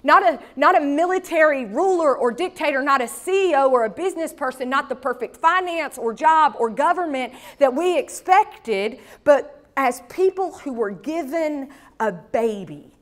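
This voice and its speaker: Woman pastor, fairly high voice, folksy conversational storyteller preaching a sermon. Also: lively intonation, moderate pace, fairly bright tone.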